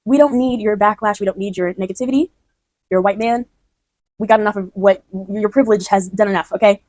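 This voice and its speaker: A woman's voice: medium pitch, quick pace, darkish tone, dry recording, lightly acted. A woman voicing an outraged, self-righteous woman who lectures and accuses. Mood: accusing.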